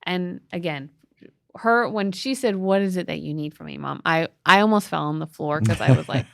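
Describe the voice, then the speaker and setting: A woman's voice: on the low side, animated, normal speed, gravelly, fairly bright tone, dry recording. Earnest storytelling mother, dry close mic. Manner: emotional, earnest storyteller with restarts. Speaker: podcast co-host, mother. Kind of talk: casual storytelling chat.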